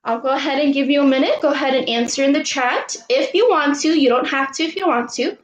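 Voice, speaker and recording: A woman coach teaching a live online lesson to girls, patient and encouraging, repeating each question slowly for the kids. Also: high-pitched, echoey room, rough recording. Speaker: youth sports coach.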